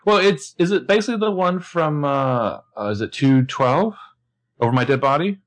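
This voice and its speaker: A man co-hosting a podcast, recapping a TV episode in casual chat and acting out the characters' lines with bursts of shouting. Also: normal speed. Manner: animated, acts out characters' lines in shouts and high voices. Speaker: podcast co-host.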